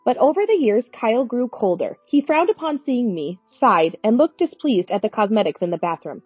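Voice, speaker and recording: Woman, 40s, story narrator; high-ish, breathy voice, earnest and plaintive, close mic with dull lo-fi sound. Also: big pitch swings, normal speed, few pauses, dry recording, faint music behind. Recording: dry, dull lo-fi recording.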